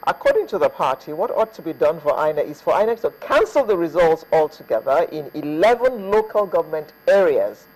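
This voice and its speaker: A man with a somewhat high voice hosting a morning TV talk show from a studio. He talks in a loose, chatty way, often pausing with fillers, and introduces the guests. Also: big pitch swings, a little mellow, rough recording. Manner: chatty, hesitant fillers, reads names off a list. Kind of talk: TV news talk show presenting.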